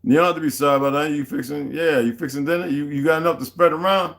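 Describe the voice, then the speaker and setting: A livestream host with a somewhat high, steady, creaky and slightly bright voice talks fast through an unscripted, heated rant full of profanity. He greets viewers and reads their chat comments aloud.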